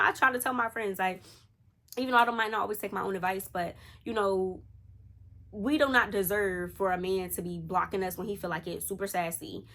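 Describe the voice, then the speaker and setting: Woman spilling a story to her viewers, chatty and slangy, medium pitch, super casual. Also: vocal fry. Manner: chatty and animated, slangy, talks straight to viewers. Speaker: vlogger telling a personal story.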